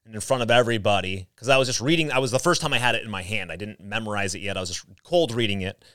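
A man co-hosting a casual podcast, telling self-deprecating anecdotes in an animated way. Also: on the low side, very fast, no room sound, clean studio sound. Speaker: podcast co-host. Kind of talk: casual chat.

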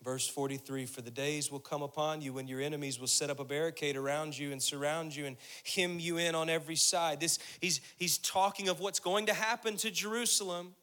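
Bright-voiced male pastor preaching. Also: on the high side, fairly even intonation, brisk, few pauses. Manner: preaching with rising intensity, voicing Jesus' words; repeats phrases for emphasis. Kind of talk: sermon.

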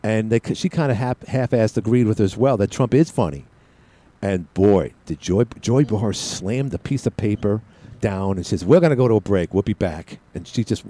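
A man's voice: fairly low pitch, dark tone. A male radio talk show host talking solo in a studio, rambling with frequent restarts and asides. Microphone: studio mic with headset.

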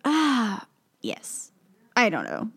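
A woman's voice: a little high, huge pitch swings, drawn-out words, fairly bright tone, slightly rough. Bubbly Southern-accented young woman. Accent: Southern American. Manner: bubbly, giggly, repeats herself. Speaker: podcast co-host. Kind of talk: casual chat.

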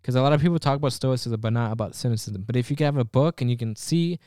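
A podcast co-host chats casually in a loose, rambling way, swearing now and then. His medium-pitched voice is dark and racing, recorded with studio quality and no echo.

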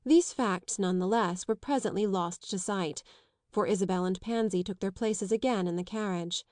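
A woman narrating a classic novel as an audiobook, reading steadily and clearly. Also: medium pitch, normal speed, darkish tone, no echo, studio quality. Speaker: audiobook reader. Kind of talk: scripted literary narration.

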